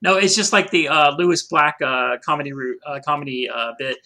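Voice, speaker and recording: Man, podcast co-host, casual chat, bright tone, rambling anecdotes, remote recording. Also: on the high side, brisk. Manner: chatty, rambling anecdotes with filler words.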